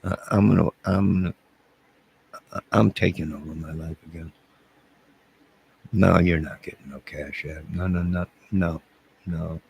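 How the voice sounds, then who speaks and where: Comedy character: man playing a lonely bumbling loser, deep gravelly voice, stammering and boastful, with faint noise behind. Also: fairly even intonation, measured pace, pauses often, darkish tone. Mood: rambling. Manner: rambling, stammering, swings between bragging and apologizing. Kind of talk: comedic character monologue to camera.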